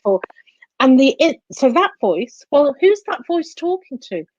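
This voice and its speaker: Animated woman explaining as a therapist. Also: high-pitched, unhurried, dry recording, lo-fi sound. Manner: animated, acts out inner voices. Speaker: guest, coach and psychotherapist. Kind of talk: explanatory interview talk.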